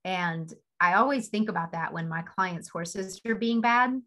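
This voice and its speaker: A woman's voice: medium pitch, unhurried, a bit bright, low-quality recording. A woman speaking on a team video call, telling a story in a chatty way and laughing often. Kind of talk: casual motivational talk.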